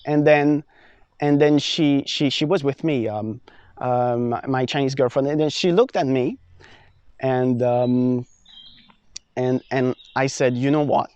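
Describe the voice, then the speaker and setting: A young man from France telling a personal travel story in a casual, animated vlog, full of fillers and restarts. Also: medium pitch, takes it slowly, clean tone, dry recording, dull audio. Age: young adult. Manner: animated, many fillers and restarts, acts out his own past lines. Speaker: vlogger.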